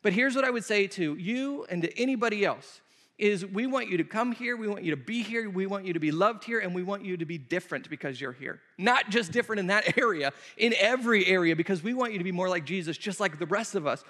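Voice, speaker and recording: A pastor with a high, fairly bright voice preaches a conversational sermon at a quick pace with lively intonation, answering questions from the pulpit. He leans on emphatic, repeated phrases, and the hall gives his voice a long reverb.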